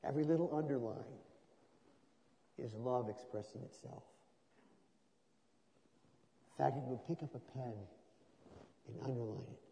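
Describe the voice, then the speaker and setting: Male pastor, mid-pitched and mellow, moving from quiet intimacy to loud drawn-out emphasis; church-hall reverb. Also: vocal fry, a little hiss or hum. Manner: swings from soft and low to loud, drawn-out emphasis. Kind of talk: sermon. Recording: long reverb of a large hall.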